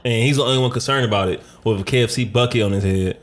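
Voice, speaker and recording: A man co-hosting a casual podcast, mostly laid-back and teasing, and he flares up when a story excites him. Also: medium pitch, fast. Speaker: podcast co-host. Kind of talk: casual chat.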